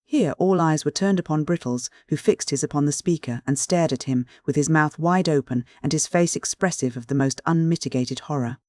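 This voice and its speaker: A male audiobook narrator reading a classic novel in a measured, steady way. His voice sits a little higher than most men's. The recording is close and dry, with no room sound. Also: no room sound.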